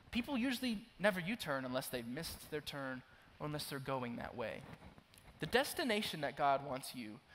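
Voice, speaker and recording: High-voiced young preacher in a reverberant hall. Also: male voice. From Oklahoma. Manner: swings between loud urgent pleading and hushed near-whispered confession. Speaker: youth pastor. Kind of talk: sermon. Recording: long hall reverb, faint noise.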